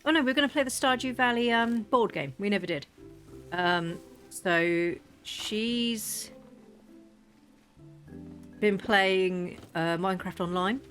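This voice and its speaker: A woman's voice: mid-range voice, fairly bright tone. A British woman in her thirties chatting casually and rambling cheerfully while playing a game. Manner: rambling, chatty, quick to laugh. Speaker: gaming vlogger. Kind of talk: casual chat over gameplay. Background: faint game music.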